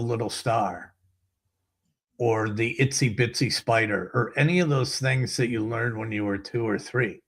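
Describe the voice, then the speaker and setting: Man, middle-aged, blunt, profane, ranting host, mid-pitched voice. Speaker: show host. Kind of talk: casual monologue.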